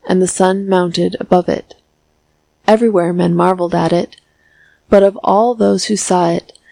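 A woman reading a classic story aloud as an audiobook narrator, in a measured, steady, phrase-by-phrase delivery. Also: mid-range voice, gravelly, no room sound, low-quality recording.

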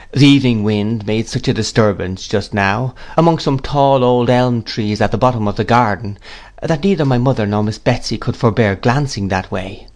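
A man narrating a classic novel in a measured, unhurried storytelling manner. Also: medium pitch. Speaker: audiobook narrator.

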